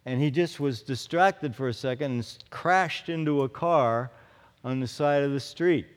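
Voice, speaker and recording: A man's voice: medium pitch, normal speed, clear, resonant tone. A male pastor preaching a sermon in an earnest, emphatic way, often repeating his phrases. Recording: long reverb of a large hall.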